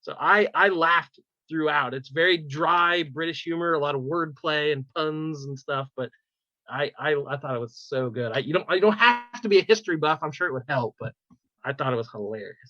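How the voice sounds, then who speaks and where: A man's voice: a little high, moderate pace, bright, forceful tone, no room sound. A man co-hosting a casual pop culture podcast, animatedly retelling a show with lots of "like"s and restarts. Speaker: podcast co-host. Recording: slightly dull, dry recording.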